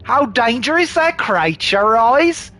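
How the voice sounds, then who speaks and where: A weathered older man in a put-on Australian accent, as a man voices him, yelping out shocked, scolding questions. The voice jumps high and loud, swinging wildly up and down. Video game character, read for laughs. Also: sing-song, slow pace, exaggerated voice. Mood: alarmed.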